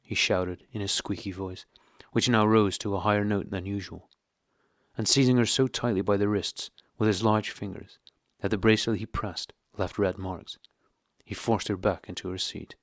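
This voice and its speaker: A man narrating an audiobook of a classic novel in a measured, steady reading. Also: fairly low pitch, no room sound, clean studio sound.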